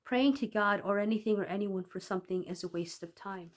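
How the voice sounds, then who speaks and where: A woman's voice: medium pitch, fairly quick, close to an everyday voice. A woman reading as a coaxing, sweet-voiced teacher. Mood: persuasive. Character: smooth-talking manipulative young female teacher.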